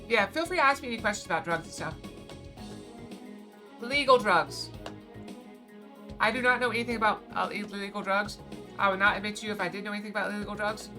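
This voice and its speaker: A woman streamer gives casual let's-play commentary full of rambling, joking asides. Her voice sits at a middling pitch. Loud game music plays underneath her talk. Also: fast talker, pauses often.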